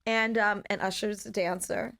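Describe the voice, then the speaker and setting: A woman guest on a podcast, telling a personal story in an animated, vivid way and acting out moments as she goes. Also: medium pitch, normal speed, vocal fry. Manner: animated, vivid storyteller who acts out scenes.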